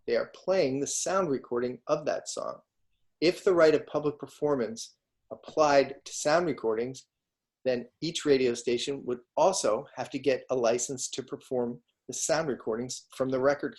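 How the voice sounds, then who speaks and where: A man's voice: medium pitch, a little mellow. Conversational man lecturing over video call. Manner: conversational, asks students frequent questions. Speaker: law lecturer. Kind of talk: online lecture.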